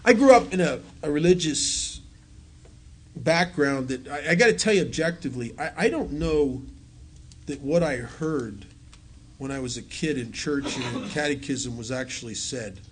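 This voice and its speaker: A man's voice: medium pitch, normal speed, husky. A middle-aged man speaking to a recovery group, telling stories conversationally and poking fun at himself, laughing at his own jokes. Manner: self-mocking storyteller who laughs at his own jokes; conversational, full of restarts and asides to the audience. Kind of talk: talk to a recovery audience.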